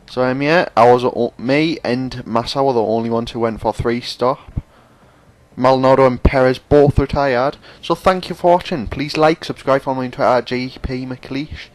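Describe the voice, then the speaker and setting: A man's voice: mid-range voice, fairly even intonation, normal speed. A man commentating over his own racing game, rambling, sarcastic and mocking himself. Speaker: gaming commentator.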